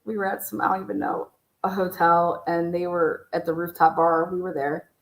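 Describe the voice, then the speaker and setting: A woman's voice: on the low side, little pitch movement, normal speed. A young woman hosting a livestream, telling casual stories in a profane, chatty way with frequent laughs. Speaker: livestream host. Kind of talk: casual storytelling chat. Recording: echoey room.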